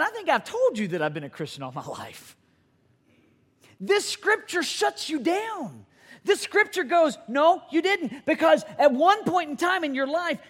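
A man, preaching a sermon with emphatic, animated delivery and acted-out quotes. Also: extremely high pitch. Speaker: pastor.

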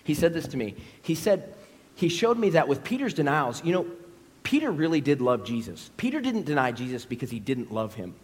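A man's voice: fairly high pitch, fairly quick. A man, a pastor preaching a storytelling sermon and acting out scenes in character voices. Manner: animated, acts out scenes in voices. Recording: long hall reverb.

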